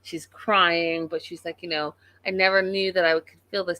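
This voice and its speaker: A woman's voice: on the low side, flat delivery, moderate pace, hardly any pauses, pushed and bright, dry recording. Sassy woman recapping a reality show. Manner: sassy, blunt, mocking commentary. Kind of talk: casual live-stream recap.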